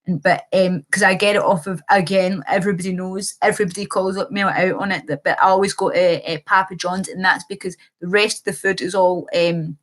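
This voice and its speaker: A woman's voice: lowish voice, steady tone, fairly quick, hardly any pauses. A young woman chatting casually on a livestream, reading comments aloud, rambling and swearing freely.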